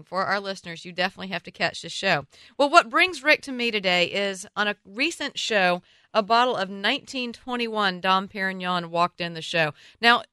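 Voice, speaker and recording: A woman's voice: mid-range voice, sharp tone, clean tone, no echo. A woman with a Southern US accent hosting a radio talk show, gushing and enthusiastic as she interviews her guest.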